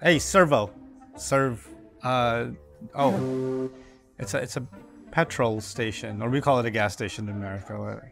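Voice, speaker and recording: A man's voice: mid-range voice, a little slow, creaky, long pauses. Playful man guessing slang, faint music. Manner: playful, guessing aloud, laughs at himself. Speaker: speaker reacting to slang list. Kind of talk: casual comedic monologue.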